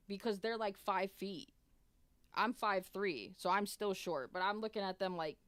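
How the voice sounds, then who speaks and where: A woman's voice: mid-range voice, normal speed, no room sound. A young adult woman streamer telling a long personal story in casual, profane, rambling chat with many restarts.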